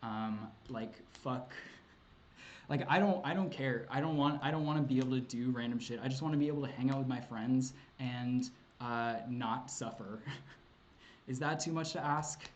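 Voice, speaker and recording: A man's voice: mid-range voice, normal speed. A man answering chat questions on a casual livestream, rambling and hesitant with many ums and likes, laughing often and swearing casually.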